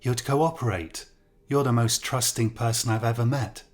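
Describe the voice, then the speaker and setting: A man's voice: medium pitch, normal speed, natural voice. A blunt, frank Hungarian wife, as a male storyteller puts her on, teasing her husband. She speaks plainly and matter-of-factly. It is read as a spoken story.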